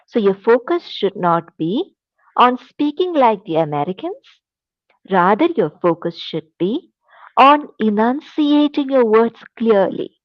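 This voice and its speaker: A woman teacher with an Indian English accent, giving a classroom lecture in a slow, deliberate, emphatic way. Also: on the high side, no room sound, lo-fi sound.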